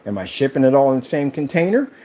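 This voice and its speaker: A man's voice: mid-range voice, very animated, fast, mellow. A man who owns a screen paint company, ranting casually on a livestream and firing off rhetorical questions.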